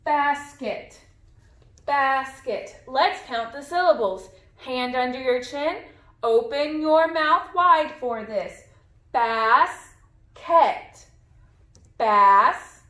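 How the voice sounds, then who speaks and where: A woman's voice: sits high, takes it slowly, fairly bright tone, roomy sound. A woman teaching a phonics lesson to young children, patiently modeling sounds and words.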